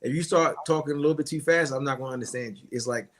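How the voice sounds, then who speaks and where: A man, a boxing trainer guest in a casual interview, easygoing and halting, often repeating words. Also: mid-range voice.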